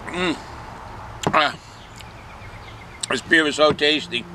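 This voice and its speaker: Bright-voiced older man rambling casually. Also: a little high, expressive, takes it slowly, pauses often, a little hiss or hum, rough recording. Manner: rambling, many fillers and restarts. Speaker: beer reviewer. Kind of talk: casual chat.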